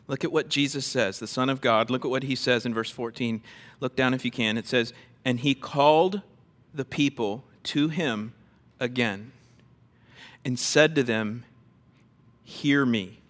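A man's voice: fairly high pitch, a bit bright, long reverb tail. A man preaching a sermon to a congregation, emphatic and quizzing his listeners with questions. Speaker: pastor. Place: church before a congregation.

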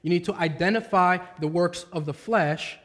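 High-voiced man preaching a sermon. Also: normal speed, fairly bright tone. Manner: conversational, storytelling preaching with personal anecdotes. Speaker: pastor.

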